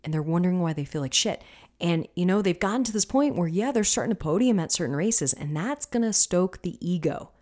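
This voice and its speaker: A woman's voice: lowish voice, expressive, a little fast, darkish tone. A woman hosting a podcast as a coach, talking casually and passionately, swearing freely and sometimes dropping into a whisper.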